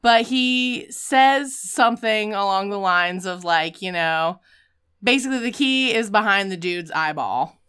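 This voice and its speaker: A woman hosting a podcast that recaps films tells a story in casual chat with animated energy and bursts of acted-out shouting. Her mid-range voice is very bright and exceptionally clear, and her talk is loose, full of fillers and quick asides.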